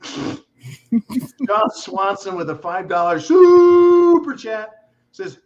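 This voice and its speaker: A man hosting a casual livestream chat, joking loudly and swearing freely. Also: high-pitched, very animated, drawn-out words, long pauses, highs cut off. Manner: profane, joking, boisterous. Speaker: host.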